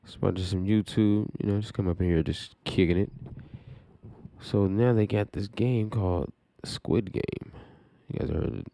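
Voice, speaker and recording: A man's voice: on the low side, normal speed, creaky, dark tone, a little hiss or hum. A man chatting casually as co-host, laid-back and slangy with short agreeing replies. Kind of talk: casual chat.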